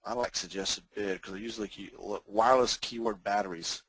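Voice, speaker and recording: A man with a North Texas accent giving a casual, rambling screen-share demo of software as a webinar presenter. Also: fairly low pitch, fairly even intonation, a little fast, husky, dry recording, low-quality recording. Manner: folksy, rambling, chuckles often.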